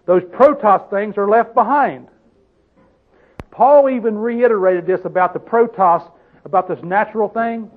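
A man preaching a Bible-teaching sermon, often asking his listeners questions and slowing down to stress the scripture he quotes. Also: high-pitched. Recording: tinny phone-like sound.

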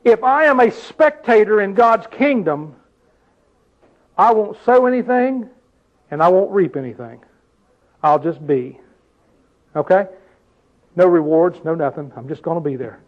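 A man's voice: high voice, expressive, measured pace, pauses often. An older man preaching a sermon in a conversational way, often asking his listeners questions. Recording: dull lo-fi recording.

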